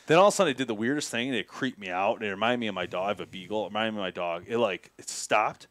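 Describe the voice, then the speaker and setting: An American man telling a hunting story in a casual podcast chat, animated and laughing, acting out voices as he goes. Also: on the low side, rapid-fire, no room sound. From United States. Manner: animated, laughing, acts out voices in his tale. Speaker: podcast guest, outdoor chef.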